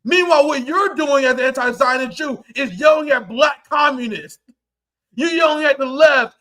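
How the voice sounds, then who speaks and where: A male livestream host delivering an angry, profane rant, often breaking into shouts. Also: very high-pitched, moderate pace.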